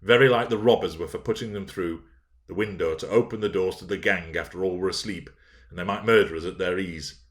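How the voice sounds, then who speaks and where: A man's voice: deep voice, fairly quick, lightly acted. A man voicing a surly, accusing manservant. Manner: rough, accusing. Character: gruff surly manservant with a lantern.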